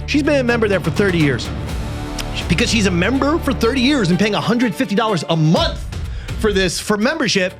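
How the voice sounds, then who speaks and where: A man in his forties hosts a casual comedy podcast, acting out the people in his stories and breaking into shouted rants. His voice sits high for a man. Music plays clearly behind him. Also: brisk. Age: 40s. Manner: animated storyteller who acts out voices and bursts into shouted rants. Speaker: podcast host.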